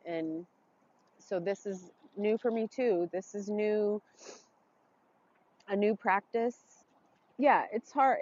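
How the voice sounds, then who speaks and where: A woman speaking a heartfelt, halting blessing and reflection outdoors, emotional and close to tears. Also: mid-range voice, darkish tone, muffled recording. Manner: heartfelt, tearful, halting with pauses. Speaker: vlogger doing an outdoor ritual. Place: forest, outdoors.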